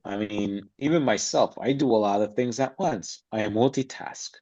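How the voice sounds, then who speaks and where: A man's voice: fairly low pitch, moderate pace, dark tone. A man speaking as a podcast guest about acting, blunt and emphatic in a streetwise way. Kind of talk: casual interview chat. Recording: slightly dull lo-fi sound.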